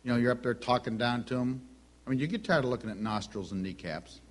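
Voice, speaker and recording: A middle-aged man preaching a sermon, telling stories with lively delivery and acting out the voices of the people in them. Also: mid-range voice, quick pace. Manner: animated storytelling, acts out quoted voices.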